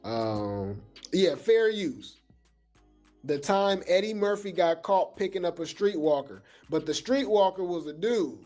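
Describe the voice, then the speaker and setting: Rambling live show host, faint music. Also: male voice, sits high, animated, darkish tone. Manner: rambling, addresses viewers as y'all, halting restarts. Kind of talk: casual commentary to a live audience.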